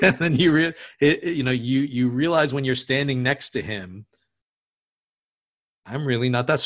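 Conversational pastor man preaching. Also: medium pitch. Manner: conversational, with frequent restarts and asides. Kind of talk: sermon.

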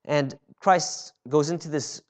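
Speaking slowly in a voice on the high side, a pastor delivers a church sermon in a casual way. He keeps checking in with the congregation by asking "right?"

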